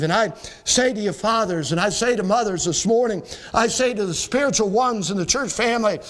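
Man, pastor, sermon, high voice, scripture reading, emphatic rising delivery. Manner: preaching with scripture quotes, rising emphatic peaks.

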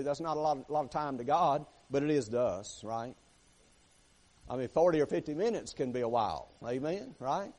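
A man's voice: a little high, a little mellow. A man preaching a sermon as pastor, emphatic and repetitive, often checking in with the congregation. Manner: emphatic, repeats phrases, asks "right?" and "amen?" of the congregation.

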